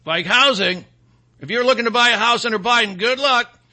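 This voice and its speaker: A man's voice: extremely high pitch, a little fast, bright, forceful tone. A middle-aged man hosting a political commentary monologue, sarcastic and mocking, rambling with fillers and restarts.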